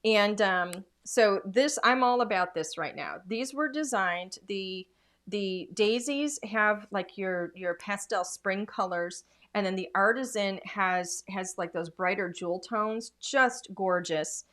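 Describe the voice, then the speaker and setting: A woman's voice: mid-range voice, slow pace, fairly bright tone. A woman demonstrating craft products in a casual, chatty way, full of enthusiasm and filler words.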